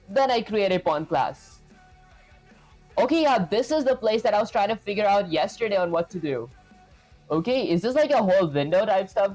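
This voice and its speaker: A live-stream coder talks through their work in a relaxed, running commentary at a mid-range pitch. They think out loud and keep dropping "okay" and "let's go ahead" between steps. Soft music plays quietly underneath.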